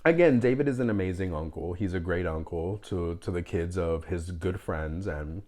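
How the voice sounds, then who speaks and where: A man's voice: low voice, normal speed, darkish tone. A man talking to camera in a casual mukbang vlog at home, candid and joking, chatting with his viewers and dropping in Spanish phrases. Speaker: food vlogger.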